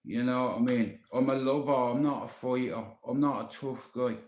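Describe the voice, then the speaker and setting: A man's voice: mid-range voice, fairly even intonation, normal speed, a little mellow, highs cut off, a little hiss or hum. An upset Irish man on a live stream, rambling and swearing often as he talks to a friend. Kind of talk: emotional live-stream rant. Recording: echoey roomy sound.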